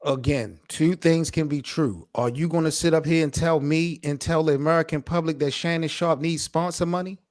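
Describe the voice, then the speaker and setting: A man's voice: fairly high pitch, fairly even intonation, moderate pace, hardly any pauses, darkish tone, no room sound, studio quality. Argumentative man debating sports on a podcast. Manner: challenging, argumentative. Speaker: podcast co-host.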